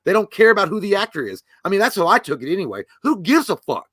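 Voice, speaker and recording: A man's voice: sits high, sing-song, quick pace, a bit bright, husky, no room sound. A man co-hosting a podcast, ranting bluntly and crudely in casual chat. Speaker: podcast co-host.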